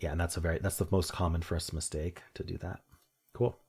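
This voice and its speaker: Man, low husky voice, muses aloud while solving puzzles, self-amused chuckles. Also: flat delivery, brisk, a little mellow. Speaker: puzzle game streamer. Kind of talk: casual solo commentary while solving puzzles.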